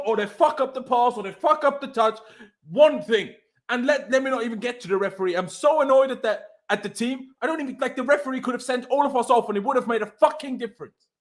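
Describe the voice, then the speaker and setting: A man's voice: very high-pitched, fairly bright tone. A man hosting a football fan channel, delivering a furious, swearing post-match rant over a call.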